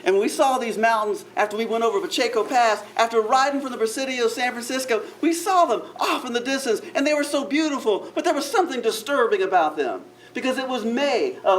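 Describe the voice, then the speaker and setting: A man's voice: very high-pitched, a little hiss or hum. A man, a park ranger, telling a first-person historical character story to a live audience in a theatrical, playful way, with frequent chuckles and asides to the listeners. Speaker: park ranger giving a living-history talk.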